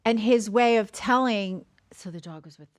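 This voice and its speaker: A woman's voice: medium pitch, normal speed, no echo, studio quality. Encouraging woman podcast co-host. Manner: warm, encouraging, sums up what the guest says. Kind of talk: casual interview chat.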